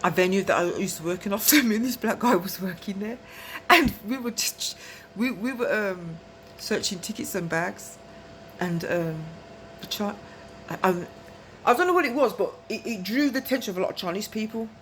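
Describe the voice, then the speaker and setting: Woman, mid-pitched voice, casual rambling story, frequent asides to the listener, laughs between phrases. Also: normal speed, fairly bright tone, a little hiss or hum. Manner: chatty, rambling, often asks "you know what I mean", laughs between phrases.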